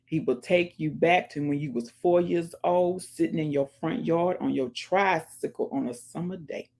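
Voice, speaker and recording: A woman vlogger in casual chat, giving emphatic shout-outs and calling her viewers "y'all" while she listens to music in her earphones. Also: low voice, normal speed. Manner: chatty and emphatic, keeps addressing viewers as y'all; preachy, urges viewers to pray and support others. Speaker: vlogger, channel host. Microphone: earphones in, listening to music while talking.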